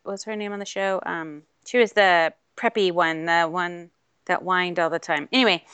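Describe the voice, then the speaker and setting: Woman rambling on a podcast, lots of ums, bright voice, dry close mic. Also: on the low side, fairly even intonation, normal speed, clear, resonant tone, no echo. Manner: rambling, chatty storytelling with many fillers. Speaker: podcast co-host. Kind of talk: casual chat.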